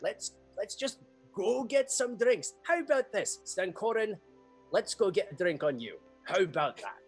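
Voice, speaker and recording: A man's voice: sits high, expressive, a little slow, slightly rough, soft background music. A man playing his character in a tabletop game, shifty and talking his way out of trouble. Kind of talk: in-character tabletop role-play.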